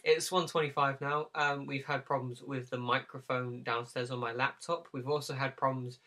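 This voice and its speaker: Guy hosting a chill podcast from his home office on a laptop mic, giggly and hyped. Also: medium pitch. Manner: excitable, giggly, quick asides. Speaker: podcast host. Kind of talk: casual chat.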